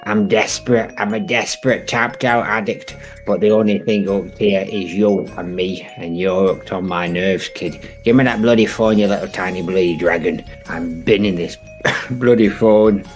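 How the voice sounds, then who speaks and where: A man's voice: on the low side, fairly even intonation, normal speed, faint music behind, close to an everyday voice. A man voicing a grumpy old man who curses and grumbles at a phone game. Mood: irritable. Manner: gruff, cursing, grumbling rants. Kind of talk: comedy podcast sketch.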